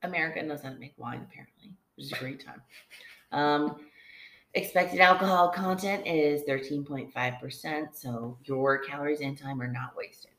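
A young woman with a low voice chats casually as a podcast co-host. She jokes and laughs often. Her voice rings in an echoey room. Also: steady tone, moderate pace, fairly bright tone. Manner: joking, laughs often, playful. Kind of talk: casual chat over wine tasting.

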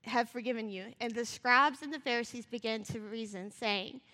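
A woman preaching a sermon. She reads scripture and talks fast, rising to passionate calls. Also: a little high, bright, forceful tone. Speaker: church speaker. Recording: long reverb of a church hall.

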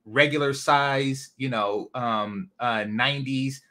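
Blunt, bright-voiced male stream host. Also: medium pitch, takes it slowly. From California. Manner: blunt, profane, rambling rants. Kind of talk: casual livestream commentary.

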